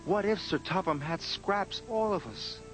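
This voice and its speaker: A man voicing an eager, proud young male steam engine who talks in an earnest, excitable way. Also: high voice, a little slow, music in the background, voice pushed up, rough recording. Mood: worried.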